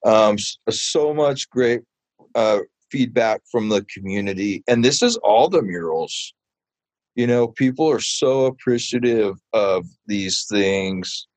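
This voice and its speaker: A man being interviewed about his mural work, telling stories in a casual, animated way full of fillers. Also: on the low side, slow pace, dry recording. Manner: animated, chatty, many fillers. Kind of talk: casual storytelling.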